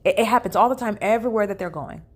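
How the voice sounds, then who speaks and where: Documenting her day, a vlogger talks to the camera alone in a hotel room, very fast and in a mid-range voice. She's emphatic and repetitive, dropping frequent "uh" fillers and repeating phrases.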